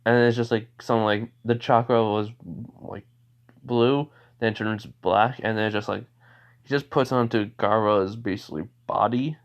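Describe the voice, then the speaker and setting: A man's voice: lowish voice, fairly even intonation, normal speed. Rambling young man retelling a fan story. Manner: rambling, many fillers and restarts, laughs often. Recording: dull lo-fi recording.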